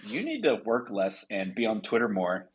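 A man's voice: lowish voice, very animated, moderate pace, slightly rough. A man co-hosting a podcast in casual chat, jokey and teasing, laughing easily. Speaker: podcast co-host.

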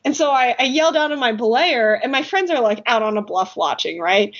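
A woman telling a climbing story in casual chat, animated and laughing often. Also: fairly high pitch, fairly quick. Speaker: podcast guest or co-host, rock climber. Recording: dull, lo-fi podcast audio.

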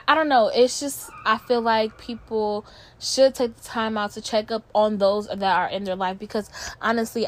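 A young woman hosting a podcast, speaking candidly in a halting, emotional monologue with many fillers and some swearing, close to tears at times. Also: medium pitch. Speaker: podcast host. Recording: faint background noise.

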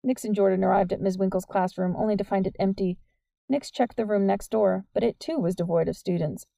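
A woman narrating a young adult novel as an audiobook in a steady, measured way. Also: medium pitch, creaky, dry recording. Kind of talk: scripted narration.

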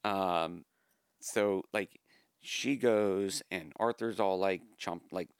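Man, lowish voice, dry sound, relaxed and hesitant, casual movie chat. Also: slow pace, clean tone, dry recording. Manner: relaxed, hesitant, with fillers and repeated words. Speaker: podcast co-host. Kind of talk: casual film discussion.

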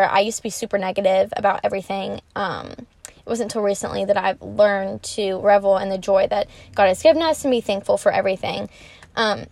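A woman's voice: mid-range voice, vocal fry, dry recording. A young woman talking casually and earnestly about her Christian faith, chatty, with many fillers like "um" and "like". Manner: animated when retelling conversations. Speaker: Christian vlogger. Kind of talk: casual faith talk to camera.

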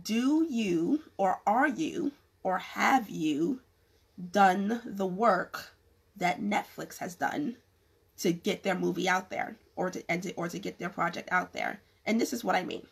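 Losing her voice, a woman from California talks business to the camera in a lowish, gravelly tone with a breathy edge, speaking a little slowly. Her casual, frank advice rambles, with frequent restarts.

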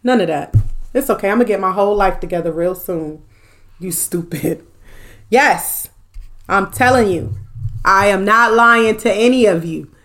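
A woman's voice: medium pitch, normal speed, pauses often, fairly bright tone. Laughing, joking woman podcast host. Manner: joking and profane, laughs often. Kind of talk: casual chat with live viewers.

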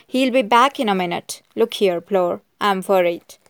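A woman's voice: mid-range voice, unhurried, smooth, close to an everyday voice. A woman voicing a worried middle-aged male doctor who speaks in clipped, impatient bursts.

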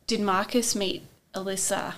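A woman's voice: mid-range voice, level tone, a little slow, fairly bright tone. A woman hosting a podcast interview, effusive and exclamatory as she asks questions. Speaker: podcast host. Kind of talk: conversational interview.

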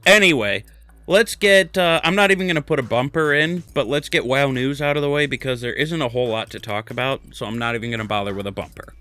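A thirties-aged podcast host talks game news and casual chat in a medium-pitched, bright, forceful voice, speaking fast with no echo. He's blunt and jokey, swearing now and then.

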